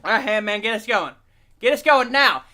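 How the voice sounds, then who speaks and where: Rowdy, animated man streaming live. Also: high voice, moderate pace. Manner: rambling, profane, animated, reads chat aloud. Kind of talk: casual live-stream chat.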